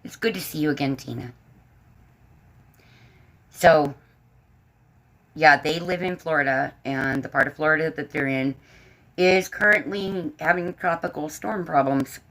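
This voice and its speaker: Speaking at a measured pace with long pauses, this woman has a low, slightly bright voice, captured in a low-quality recording. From a room in her home she hosts a relaxed livestream, addressing her viewers and her dogs, whose barking can be heard.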